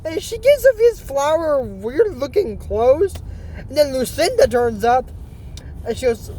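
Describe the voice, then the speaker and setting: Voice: high-pitched, sing-song, measured pace, warm tone, a little hiss or hum. A cartoon episode reviewer giving casual, rambling reaction commentary, full of fillers and strong opinions.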